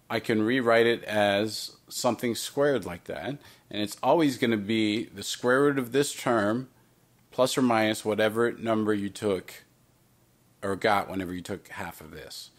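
Male math teacher, fairly low voice, works through problems aloud with light playful asides. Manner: talks through steps with himself, playful asides. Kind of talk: recorded math lesson walkthrough.

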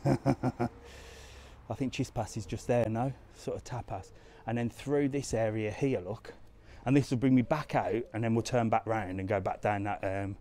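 He has a mellow, mid-range voice. He's a travel vlogger live-streaming a stroll through a resort town's streets and squares, keeping things casual and replying to viewers' comments.

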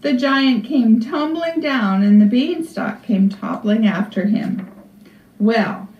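A woman librarian reading a storybook aloud to children in an expressive, unhurried way. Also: a little high. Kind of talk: storybook read-aloud for kids. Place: library room. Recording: echoey room, far from mic, dull.

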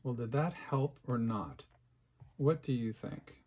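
A man's voice: medium pitch, very animated, slow pace, creaky, long pauses, warm tone, a little hiss or hum. A middle-aged man hosting an unscripted craft video, rambling and self-mocking as he talks, with plenty of fillers. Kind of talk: unscripted casual craft vlog.

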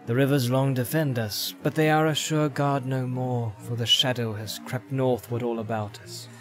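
A man voicing a stern, dignified male elf guardian in an audio drama, speaking in a measured, formal and solemn way. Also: medium pitch, fairly even intonation, fairly bright tone, natural voice. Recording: background music.

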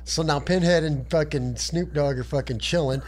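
Crude jokey podcast guy, voice a bit on the high side. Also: normal speed. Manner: profane, joking. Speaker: podcast co-host. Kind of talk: crude comedic storytelling.

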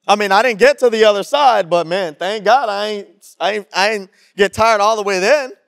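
A man voicing a boastful young male swimmer who brags loudly and then gasps as he runs out of steam. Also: sits high, moderate pace, vocal fry, voice pushed up. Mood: winded, smug. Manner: cocky then gasping.

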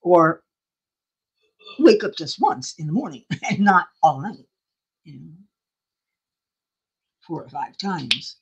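A woman's voice: sits low, animated, takes it slowly, pauses often, breathy edge. An older woman hosting a casual craft livestream, chatting in a rambling, self-deprecating way and laughing often. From South Florida.

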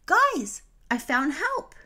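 Woman putting on forgetful young female fish, high, breathless, pleading, storybook voice. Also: big pitch swings, a little slow, full character voice. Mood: excited.

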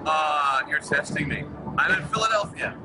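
A man's voice: fairly high pitch, animated, moderate pace. A man, a guest actor, chatting playfully and wryly from a convention venue over a remote line with music behind. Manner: playful, wry, self-deprecating. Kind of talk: casual chat on a remote call. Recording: noisy remote line with loud background.

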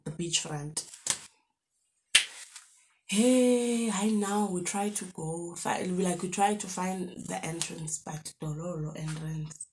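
A young woman with a South African accent telling a storytime on her vlog, animated and lively, throwing in local slang exclamations. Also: on the low side, background noise. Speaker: YouTuber.

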